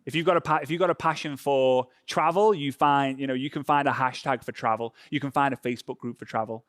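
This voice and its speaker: A man's voice: mid-range voice, fairly even intonation, fast, fairly bright tone, dry recording, clean studio sound. A European man running a live online social media training session, talking casually and often checking in with "right?". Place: home.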